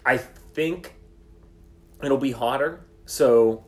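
A man co-hosting a podcast in casual chat, excitable and quick to laugh. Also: mid-range voice. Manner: excitable, chatty, laughs easily. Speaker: podcast co-host.

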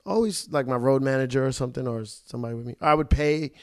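Animated man telling stories. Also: medium pitch, quick pace, no room sound, studio quality. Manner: animated storyteller, acts out quotes. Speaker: podcast guest, radio DJ. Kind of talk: casual chat.

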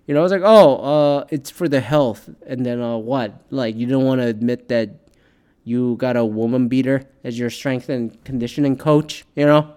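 A man rants casually about football, voicing profane, sarcastic opinions full of fillers and asides. His voice is mid-range and a little mellow, with a clean tone.

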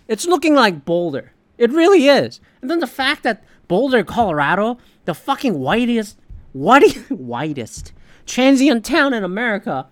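A man's voice: sits high, no echo. A man hosting a podcast, delivering a heated, profane, opinionated sports rant in casual talk. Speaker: podcast host.

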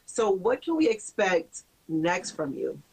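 A woman hosting a phone live-stream interview, warmly affirming her guest and asking effusive questions. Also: fairly low pitch, very animated, slow, gravelly, breathy edge, poor audio. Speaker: podcast host, interviewer. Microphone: phone on a live video call.

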